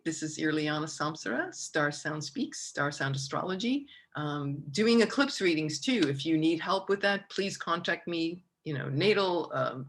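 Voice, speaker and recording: A woman's voice: deep voice, fairly bright tone. Chatty rambling woman astrologer. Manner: chatty, rambling, many fillers and restarts; emotional, near tears when speaking of her mother. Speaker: astrologer host. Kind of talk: casual monthly astrology talk.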